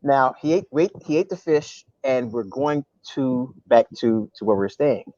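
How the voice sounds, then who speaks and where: Man telling a lively comedy story. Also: mid-range voice, unhurried, no echo, highs cut off. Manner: animated, mimics voices and groans. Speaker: guest comedian. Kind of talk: casual storytelling.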